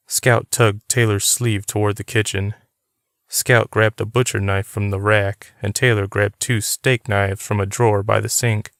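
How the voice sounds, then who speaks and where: A man narrating an audiobook in a steady, even reading. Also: on the low side, measured pace, dry recording, clean studio sound. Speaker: audiobook reader.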